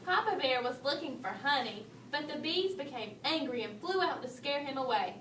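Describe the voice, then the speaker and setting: A woman reading a children's story aloud, expressive, lifting her voice for the bears. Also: moderate pace, far from the mic. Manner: expressive read-aloud, raising pitch for the bears' lines. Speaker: storybook reader. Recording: echoey room, voice from off-mic, faint hiss.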